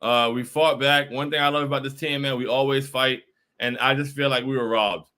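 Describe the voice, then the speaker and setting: A man's voice: medium pitch, fairly even intonation, brisk, bright, forceful tone, clean tone. A young man hosting a postgame livestream, frustrated and repetitive, often saying bro while reacting to chat. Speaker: postgame show host.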